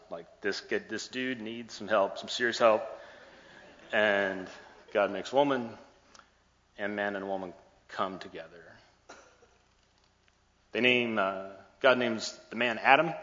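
A man's voice: lowish voice, sharp tone. A man preaching a sermon, retelling a scripture story in a playful, joking way, recorded in a large hall with a dull sound and long echo.

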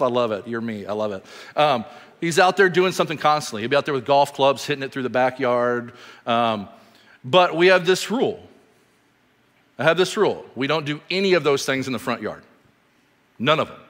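A man in his thirties preaches to a congregation, his voice carrying through a large, reverberant sanctuary. He tells stories animatedly, jumping from loud bursts to hushed, deliberate points. His pitch sits at an ordinary middle. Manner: animated storytelling, swinging from loud bursts to quiet emphasis. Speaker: pastor. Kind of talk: sermon. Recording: reverberant hall.

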